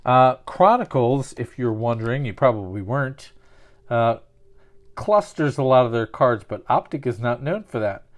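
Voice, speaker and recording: Rambling, jokey mid-pitched man. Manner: rambling, jokey, self-mocking. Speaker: sports card collector opening packs. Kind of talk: casual pack-opening commentary with absurd storytelling.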